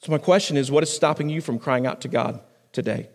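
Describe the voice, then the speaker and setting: A man, a pastor, preaching a sermon on a microphone in a conversational way, restarting phrases and swinging his pitch up and down for emphasis. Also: quick pace, big-room sound. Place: church sanctuary.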